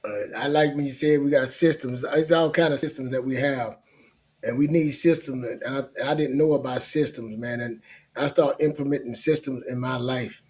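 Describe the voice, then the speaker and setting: A man's voice: mid-range voice, fairly even intonation, normal speed, a little mellow. A middle-aged man talking in a casual chat, earnest and rambling, often repeating himself.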